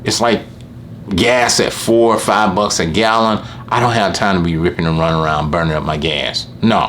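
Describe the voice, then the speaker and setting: Man, low voice, casual animated rant, faint background noise. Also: normal speed. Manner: animated, complaining, acts out customers in high voices. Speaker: lawn care business owner.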